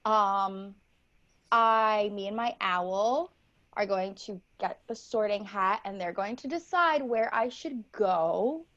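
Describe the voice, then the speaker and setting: A woman's voice: mid-range voice, slow, a bit bright, dull audio. A woman improvising a comedy scene, answering mock press questions in a playful voice. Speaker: improv player.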